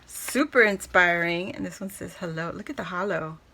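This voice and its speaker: Bright-voiced gushing woman vlogger. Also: on the low side, normal speed, gravelly, slight background noise. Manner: gushing, excitable, laughs often. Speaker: vlogger showing a craft haul. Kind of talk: casual unboxing chat.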